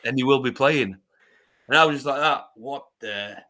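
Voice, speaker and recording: A former rugby player, telling his story in a bright, forceful voice. He talks in an animated way, restarting his sentences and repeating words as he goes. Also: mid-range voice, moderate pace. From England. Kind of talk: storytelling in a podcast interview.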